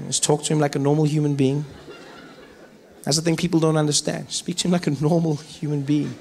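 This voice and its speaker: A man with a South African accent doing stand-up comedy, telling stories with animated delivery. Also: fairly high pitch, vocal fry, slight background noise. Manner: animated storytelling, quick shifts in voice.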